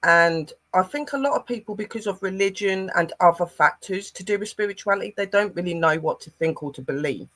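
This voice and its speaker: A host opening an online talk show, slowly introducing a co-host and guests. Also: female voice, mid-range voice, a bit bright.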